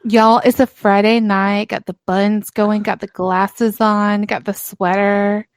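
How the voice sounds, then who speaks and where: A woman's voice: medium pitch, level tone, slow pace, smooth, no room sound. A young woman co-hosts a podcast in loose, casual chat, taking her time over each phrase. She laughs a lot and swears without a second thought. Her voice sounds close and dry, with no room around it. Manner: laughs often, swears freely. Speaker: podcast co-host.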